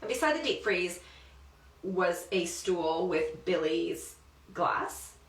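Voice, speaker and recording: A woman co-hosting a casual podcast from a small room off her garage, telling an animated story and acting out what people said, while still getting over an illness. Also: lowish voice, takes it slowly. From Australia. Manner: animated storytelling, exclaims and acts out quotes. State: recovering from illness. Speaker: podcast co-host. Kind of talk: casual chat. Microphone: laptop on a deep freeze. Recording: roomy, distant mic, faint room hum.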